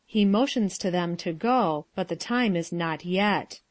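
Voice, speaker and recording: A woman reading the stage directions of a play in a plain, unhurried way. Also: on the low side, no room sound. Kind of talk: audio drama narration.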